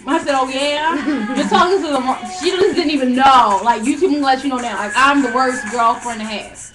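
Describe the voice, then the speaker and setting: Animated high-voiced woman telling stories. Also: moderate pace, music in the background. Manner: animated, profane, laughs often. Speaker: co-host telling a story. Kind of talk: casual storytelling chat.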